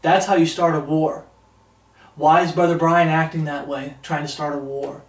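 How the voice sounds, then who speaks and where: At a moderate pace and in a level tone, a fairly high-voiced man preaches, stretching out Bible verses with emphasis and then commenting plainly and bluntly. The mic sits a little far away, and the room echoes.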